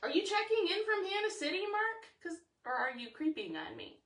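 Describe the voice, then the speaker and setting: A woman, teaching a livestreamed singing warm-up from home in a chatty, encouraging way that sometimes drops to breathy whispers. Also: very high-pitched, sing-song, moderate pace, few pauses, reverberant, recorded from a distance. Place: home, over a slow internet livestream.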